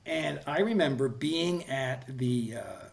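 A gravelly-voiced man in his sixties, a TV producer appearing on a podcast, tells a rambling anecdote at a slow pace with lively intonation and a medium pitch. He keeps restarting and correcting himself, and he swears freely throughout the casual story.

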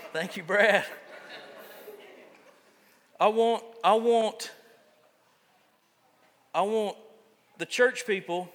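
Man pastor, high and bright, joking and chatty in the pulpit, long reverb of the sanctuary. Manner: casual, self-deprecating preaching with frequent restarts. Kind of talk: sermon.

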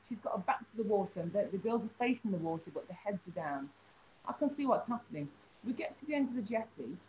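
In an interview, a woman with a middle-pitched voice shares a lively anecdote from her teaching work, acting out each person she mentions. The recording sounds a little dull, with a faint hum underneath.

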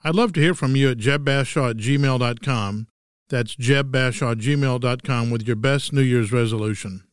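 A man's voice: mid-range voice, moderate pace, clear, resonant tone, dry recording. A man in his sixties with a Texan accent, hosting a scripted monologue with dry, wry humor. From Texas. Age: 60s. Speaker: host.

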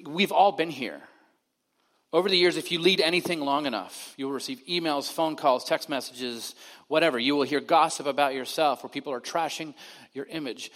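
A man preaching a sermon in a conversational way, his voice rising to loud emphasis and then dropping to a hushed quiet. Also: on the high side. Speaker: pastor. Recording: long hall reverb.

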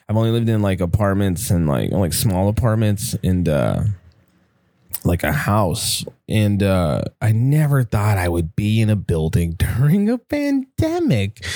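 A young man talks into a microphone at his apartment window, drifting from one thought to the next with plenty of swearing and jokes at his own expense. His voice sits somewhat low for a man. The sound is close and dry, with little room in it. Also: dark tone, no echo. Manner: rambling, self-deprecating, swears often. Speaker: podcast host. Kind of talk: casual solo podcast monologue. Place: apartment by a window, downtown building. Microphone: studio microphone.

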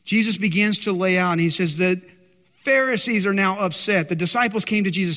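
A male pastor delivers an impassioned sermon in a high, bright-edged voice. Lines trail off into a lingering church reverb. He slips into anxious, quoted voices to dramatize the story. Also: brisk. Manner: impassioned, acts out anxious disciples in higher voice. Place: church sanctuary. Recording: long hall reverb.

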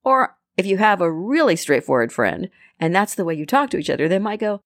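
A middle-aged woman talks in a casual, chatty way, slipping into small acted-out bits of dialogue. Her voice sits on the low side, and the recording is close and dry with no room sound. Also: very animated, fairly quick, dry recording. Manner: chatty, acts out little quoted exchanges. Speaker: self-help speaker. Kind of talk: casual advice talk to camera.

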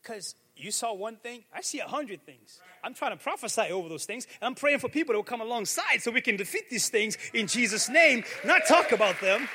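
A man with a very high, sharp, bright voice preaching to his congregation. He moves from quiet musing to fervent, shouted declarations. The sound carries a long reverb from the church hall. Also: lively intonation, fairly quick, few pauses. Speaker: pastor. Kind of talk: sermon. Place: church sanctuary.

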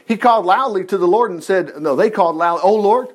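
An older male preacher with a notably high voice works through Bible passages, breaking off between verses with folksy jokes and chatty asides. He sounds like he is talking with the congregation rather than lecturing them. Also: a little fast. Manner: folksy, joking, conversational. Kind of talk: sermon with Bible reading.

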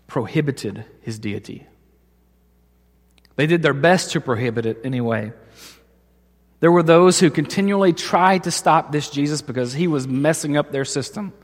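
A man preaching a sermon as pastor, telling stories and acting out the voices of the people in them. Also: medium pitch. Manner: storytelling, acts out voices in quotes. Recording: long hall reverb.

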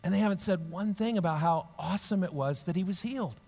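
A man preaching a sermon in a lively, humorous way, acting out the story in voices and then dropping into quiet, earnest reflection. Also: fast talker, gravelly, in a large hall. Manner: drops to a low, quiet, earnest tone. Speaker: pastor.

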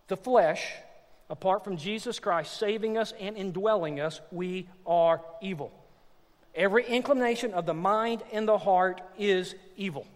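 A man preaches to his congregation with strong emphasis, his voice pitched high for a man. A long reverb trails each phrase, as from a church sanctuary. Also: unhurried. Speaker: pastor. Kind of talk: sermon.

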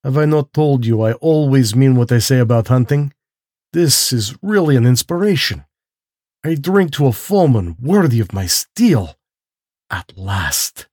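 A man's voice: medium pitch, expressive, unhurried, a little mellow, dry recording, clean studio sound, voice pushed up. A man reading a storybook, voicing a suave, courtly aristocratic hunter with polished, genteel speech and a slight lift in his voice.

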